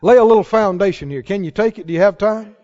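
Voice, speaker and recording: A pastor speaks fast in a high-pitched, warm voice, preaching an emphatic sermon. He questions his listeners as he goes, and the recording is dull and lo-fi.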